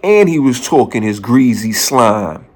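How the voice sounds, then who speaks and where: A man's voice: mid-range voice, expressive, measured pace, a little mellow. A man from the Bronx, talking in a casual opinion vlog and hammering his points with repeated phrases. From New York, the Bronx. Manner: emphatic, repeats phrases for punch. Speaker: vlogger.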